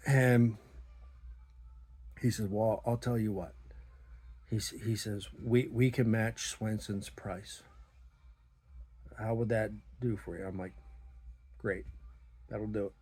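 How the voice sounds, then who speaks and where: Blunt, husky-voiced man telling a story. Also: lowish voice, slow, pauses often. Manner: blunt, profane, animated retelling with quoted dialogue. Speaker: small business owner telling a story. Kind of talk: casual storytelling monologue.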